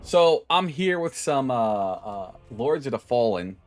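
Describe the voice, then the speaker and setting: A man's voice: mid-range voice, very animated, measured pace, soft background music. A man streaming casually, rambling cheerfully, greeting viewers by name and joking at his own expense. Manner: self-deprecating, loses his train of thought. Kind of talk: casual live-stream chat.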